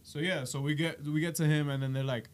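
A man's voice: a little high, steady tone, a little fast. Slangy rambling man recapping a movie. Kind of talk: casual chat recapping a movie.

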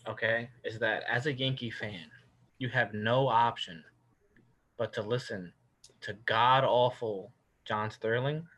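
A man co-hosting a podcast at an ordinary middle pitch. He talks in a loose, slangy way and keeps saying bro. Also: steady tone, measured pace, a bit bright. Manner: slangy, says bro a lot. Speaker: podcast co-host. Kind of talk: casual chat.

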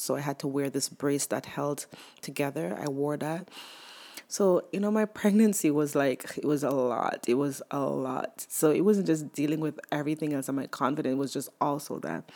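Candid young mother, low voice. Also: darkish tone. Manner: candid, emotional, many fillers. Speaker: mother sharing her story. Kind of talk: personal testimonial.

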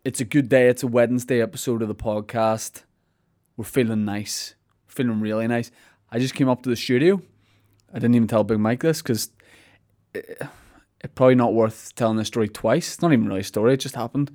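A man's voice: medium pitch, brisk, darkish tone. A man hosting his podcast from a studio, telling a comic story in a rambling, self-mocking way. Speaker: podcast host. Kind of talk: casual comic monologue.

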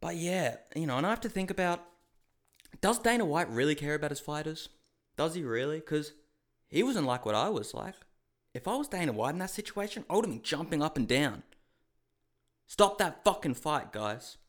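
A man's voice: on the high side, fairly quick. Ranting, profane male fight commentator. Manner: profane, ranting, addresses viewers as guys; animated, shouts reenacted outbursts. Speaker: MMA commentary host. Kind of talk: casual fight recap monologue.

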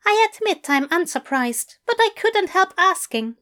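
A fussy, eager English teacher gushes in a high, bright, lilting voice, as a woman reads him aloud. His speech is prim, formal and effusive, and his pitch swoops up and down with enthusiasm. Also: sing-song, measured pace, heavily acted.

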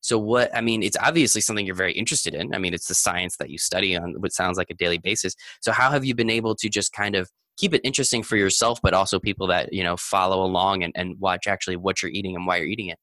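A man's voice: low-pitched, fast talker, hardly any pauses, sharp tone, no echo. A man hosting a casual interview, chatty and enthusiastic, asking long rambling questions. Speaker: podcast host.

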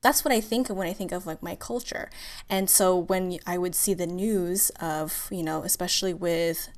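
Earnest woman, lowish voice. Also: fairly even intonation, normal speed. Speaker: interview guest. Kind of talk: casual interview.

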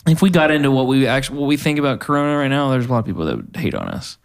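A man's voice: medium pitch, very animated, racing, gravelly, clear, resonant tone. A man co-hosting a casual podcast, talking in a rambling, hesitant way. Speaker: podcast co-host.

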